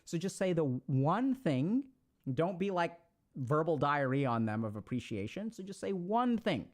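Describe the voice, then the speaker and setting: A man giving casual motivational advice in an animated, coaching way with slangy asides. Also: a little high, unhurried. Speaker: self-help speaker.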